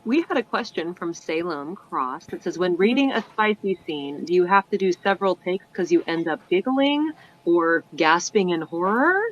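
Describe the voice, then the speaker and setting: A woman's voice: lowish voice, lively intonation, normal speed. A woman host reading out audience questions and chatting easily with her guest. Her voice comes through muffled, lo-fi audio with a faint hiss underneath. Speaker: host and fellow narrator. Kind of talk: casual interview.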